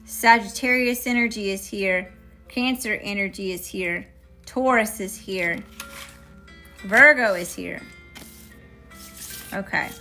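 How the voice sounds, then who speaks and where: A woman's voice: medium pitch, slow, pauses often, bright, forceful tone, soft background music. A woman doing a live-stream tarot reading, chatting with viewers between cards. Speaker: tarot reader.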